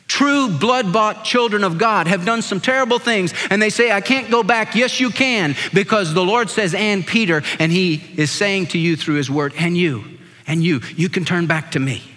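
An older male pastor with a high, bright voice delivers an impassioned sermon. He slows down and drops his voice low for the scripture passages. His words carry a long reverb, as if in a large hall. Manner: impassioned preaching, voice dropping low and slow for scripture.

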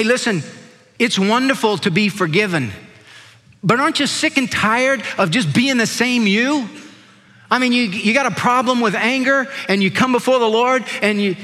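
An older male pastor with a high, bright voice delivers an impassioned sermon. He slows down and drops his voice low for the scripture passages. His words carry a long reverb, as if in a large hall. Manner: impassioned preaching, voice dropping low and slow for scripture.

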